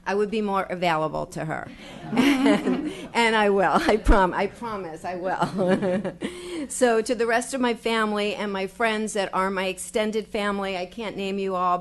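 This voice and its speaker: An older woman giving a heartfelt, halting acceptance speech at a podium before an audience, thanking family and volunteers. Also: mid-range voice, steady tone. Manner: heartfelt, halting, grateful, with fillers and restarts. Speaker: newly elected official giving acceptance speech. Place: public meeting hall with audience.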